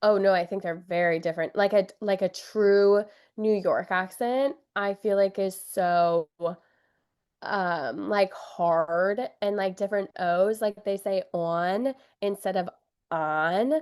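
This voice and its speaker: A young woman chatting on a podcast in a slow, unhurried way. She sounds upbeat and giggly and uses plenty of filler words. Her voice sits at a middle pitch. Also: darkish tone, smooth. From Wisconsin. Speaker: podcast guest. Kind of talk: casual chat.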